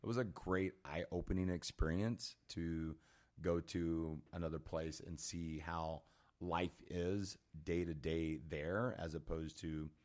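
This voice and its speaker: A man on a podcast as the guest, telling a story animatedly with lots of fillers and laughter. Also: extremely low pitch. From Texas. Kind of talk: casual storytelling.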